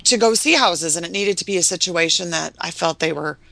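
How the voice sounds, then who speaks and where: A woman's voice: fairly quick, gravelly, dry recording. A middle-aged woman talking as a real estate investor guest, telling stories and acting out quoted voices. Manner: animated storyteller, acts out quoted voices in a high sweet tone. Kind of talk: casual interview chat.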